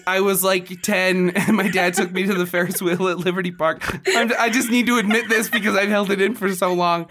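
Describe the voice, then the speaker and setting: A man's voice: high voice, steady tone, fairly quick, noisy background. A man co-hosting a podcast, telling crude, self-mocking stories in casual chat. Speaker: podcast co-host.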